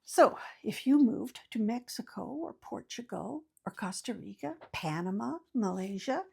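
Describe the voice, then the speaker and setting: A woman's voice: on the high side, moderate pace, creaky, darkish tone, slightly rough. An older woman, host of her own channel, giving casual, folksy advice to camera with many fillers and restarts.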